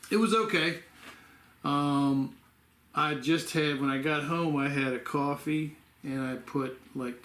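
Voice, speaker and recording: A man's voice: mid-range voice, a bit bright. A man vlogging casually at home in the evening, rambling and sleepy, stopping now and then to yawn. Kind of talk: casual home health vlog. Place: home room. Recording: roomy echo.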